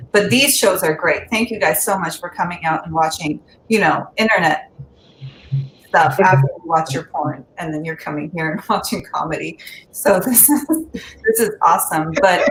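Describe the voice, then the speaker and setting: A woman doing a stand-up comedy set in a casual, unhurried way, laughing at her own jokes. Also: medium pitch, fairly bright tone, reverberant, slight background noise, low-quality recording.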